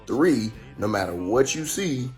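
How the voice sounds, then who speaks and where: A man's voice: medium pitch, big pitch swings, unhurried, darkish tone, faint music behind. A man giving a dry, matter-of-fact list of tips. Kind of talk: short video explainer.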